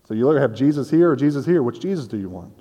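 A man's voice: medium pitch, animated, very fast, dark tone, big-room sound. A man preaching a sermon in a conversational, self-deprecating way, acting out quoted voices. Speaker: pastor.

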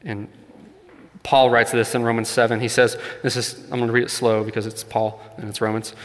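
A man's voice: mid-range voice, moderate pace, fairly bright tone. A man preaching a sermon in an earnest, conversational way, building to emphatic points. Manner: earnest, conversational with light laughs, rising emphasis on key points. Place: church hall. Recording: long hall reverb.

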